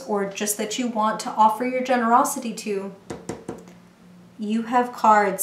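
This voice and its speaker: A woman giving a casual, playful tarot reading to the viewer, chatty and quick to laugh. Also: mid-range voice, reverberant, slight background noise. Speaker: tarot reader.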